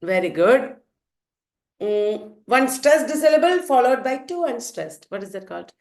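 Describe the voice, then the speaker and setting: Her voice sits fairly high and swings widely in pitch, a little slow and a little mellow. This Indian English-accented literature teacher runs a playful revision quiz, posing questions to the class and supplying the answers herself.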